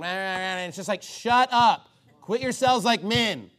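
This pastor's sermon is slow, blunt and reproachful, moving back and forth between forceful, loud points and low side remarks.

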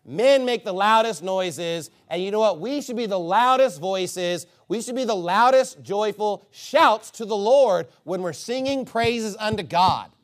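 A man preaching a sermon as a pastor, blunt and scolding, swinging between loud emphasis and low asides. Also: animated, a little slow, hardly any pauses.

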